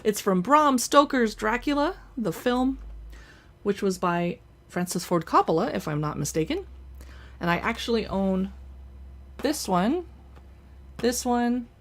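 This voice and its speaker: A woman's voice: mid-range voice, lively intonation, moderate pace. A woman hosting a casual show-and-tell, chatting playfully while she handles books and toys. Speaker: host showing books and collectibles. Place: indoors at home in front of a backdrop.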